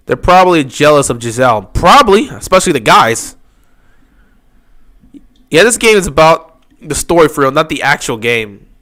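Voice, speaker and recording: Animated bright-voiced man. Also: moderate pace, long pauses. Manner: animated, mocking with high whiny impressions of upset fans. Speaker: live stream host. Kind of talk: casual live-stream football commentary.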